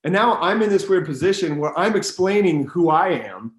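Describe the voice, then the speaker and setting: A man, an actor, chatting casually with another actor and telling meandering, animated stories. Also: sits high, normal speed, reverberant. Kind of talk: casual conversation between actors.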